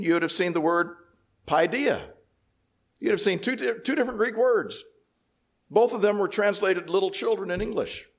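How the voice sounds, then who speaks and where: A man delivers a sermon, walking listeners through scripture in a measured, explanatory way. His voice sits a little high, with a gravelly rasp at the edges. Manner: measured teaching tone, explains word by word. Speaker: preacher.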